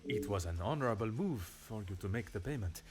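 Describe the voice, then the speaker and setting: An actor playing a polite, formal Belgian detective who speaks with a French accent, in game audio with music playing behind. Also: male voice, on the low side, animated, brisk, a little mellow, close to an everyday voice. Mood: courteous. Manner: courteous, formal, clipped.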